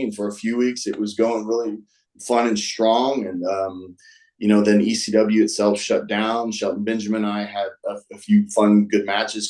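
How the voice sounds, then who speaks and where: A man's voice: fairly low pitch, a little mellow, rough recording. A man talking as a guest on a show, telling a story in a rambling, casual way. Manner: rambling, with many fillers and restarts.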